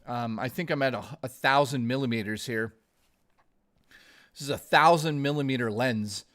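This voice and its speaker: A man's voice: medium pitch, moderate pace, fairly bright tone. A man streaming live, chatting casually and ramblingly with viewers, swearing often and calling them dude and guys. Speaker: gaming streamer.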